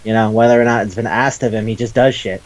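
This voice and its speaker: A man's voice: lowish voice, steady tone, fast talker, highs cut off. A man co-hosting a casual chat show about manga, enthusiastic and profane, rambling with restarts. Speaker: podcast co-host.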